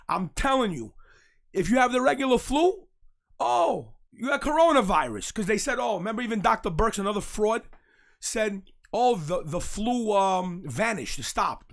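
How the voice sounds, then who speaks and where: A man, hosting a live show and telling stories in a brash, mocking, animated way. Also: high voice, gravelly. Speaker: host. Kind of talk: casual live-stream rant.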